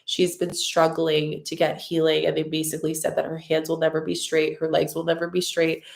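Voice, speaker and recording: A woman's voice: low voice, monotone, brisk, vocal fry. A woman hosting a live stream, answering viewer comments in a loose, rambling way, effusive and openly emotional with lots of gratitude. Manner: loose, rambling with many fillers. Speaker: spiritual mentor and channel host.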